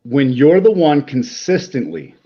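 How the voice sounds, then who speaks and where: A man's voice: mid-range voice, very animated, unhurried, warm tone, lo-fi sound. A man talking as a live stream guest in brash, profane, combative casual chat.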